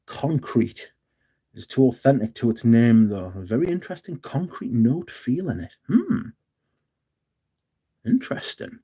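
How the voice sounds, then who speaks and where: Mellow-voiced man rambling casually. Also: medium pitch. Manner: rambling and profane, answers chat questions. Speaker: livestream host. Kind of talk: casual chat with viewers.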